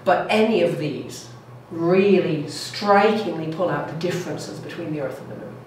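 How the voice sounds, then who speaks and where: With a low-pitched, darkish voice at a moderate pace, a middle-aged woman gives an enthusiastic public science lecture, frequently checking in with "okay?" and "all right?" The lecture room is echoey, and the distant mic also picks up faint noise.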